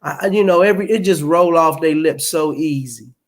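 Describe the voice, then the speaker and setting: A man's voice: a little high, brisk. A man giving casual spoken commentary, rambling and emphatic, with many restarts, fillers and pointed rhetorical questions. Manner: rhetorical questions, wry laughs. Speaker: live show commentator.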